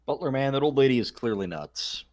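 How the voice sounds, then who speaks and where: A man's voice: medium pitch, animated, fairly quick, darkish tone. A man co-hosting a game stream, bantering with a dry, teasing manner. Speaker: streamer co-host. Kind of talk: casual gaming stream chat.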